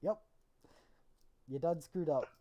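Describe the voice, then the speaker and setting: A man's voice: on the high side, slow pace, dark tone, dull audio, slight background noise. A young man co-hosting a casual chat over voice chat, rambling through stories and acting out quotes. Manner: rambling storyteller, acts out quotes. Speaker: podcast co-host. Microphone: voice chat headset.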